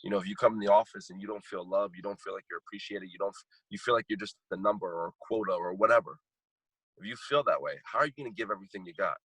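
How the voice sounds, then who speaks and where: A heartfelt man sharing a personal story on a podcast, earnest and prone to repeating himself for emphasis. His voice sits low and sounds husky yet forceful. The recording is dry and close. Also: no echo, low-quality recording. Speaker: guest speaker and coach.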